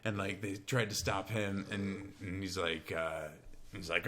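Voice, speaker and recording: A man's voice: deep voice, steady tone, unhurried, a bit bright. A man co-hosting a casual chat with his brother, swearing a lot and laughing as he talks. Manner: swearing, laughing, slipping into mock accents. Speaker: podcast co-host.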